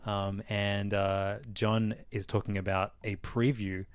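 A man's voice: lowish voice, flat delivery, takes it slowly, clean tone, no room sound. Male podcast host, casual and jokey, dry close mic. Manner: joking, laughs easily, loose fillers. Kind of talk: casual chat.

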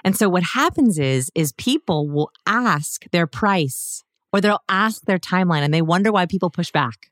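A woman in her thirties, a guest expert, explaining in a casual podcast conversation with animated, explanatory delivery and quick acted quotes. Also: lowish voice, dry recording, clean studio sound. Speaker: guest expert on body language.

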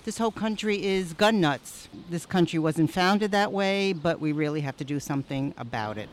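A woman's voice: lowish voice, expressive, moderate pace. A woman interviewed on a city street while out for a walk, speaking earnestly and bluntly. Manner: earnest, outspoken, opinionated.

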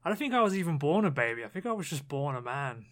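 Teasing podcast man with a higher voice. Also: sing-song, quick pace. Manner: dry, teasing banter. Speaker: podcast co-host. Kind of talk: casual chat.

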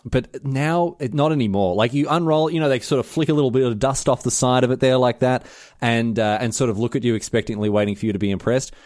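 A man's voice: medium pitch, darkish tone, dry recording, clean studio sound. A young Australian man with a city accent, co-hosting a podcast in casual, self-mocking chat. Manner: chatty, self-mocking, quick with asides. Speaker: podcast co-host.

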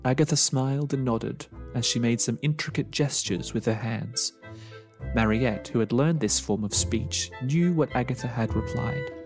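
A man's voice: medium pitch, moderate pace, a little mellow, faint music behind. A man narrating a story he wrote, reading expressively with dramatic emphasis.

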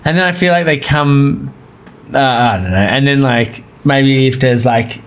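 A man's voice: mid-range voice, unhurried. An Australian man guesting on a podcast, chatting in a rambling way, laughing often and swearing freely. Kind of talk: casual interview chat.

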